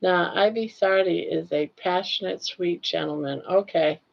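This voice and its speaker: A woman's voice: lowish voice, creaky, dull audio. An older woman hosting a casual livestream, chatting in a folksy way and reading out viewers' comments. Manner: chatty and folksy, drawing out viewers' names slowly. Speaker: livestream host.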